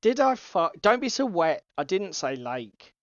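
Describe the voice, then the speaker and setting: A man rambles through a casual stream chat, cursing freely. His voice is smooth and resonant. The recording is dry and a little dull. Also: high voice, sing-song, a little slow, no room sound. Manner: swearing, rambling, laughs often. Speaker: co-host.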